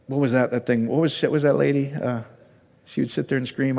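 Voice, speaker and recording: A man's voice: medium pitch, moderate pace, vocal fry, pauses often, big-room sound. A man giving an informal, conversational sermon and Bible teaching, often asking his listeners questions.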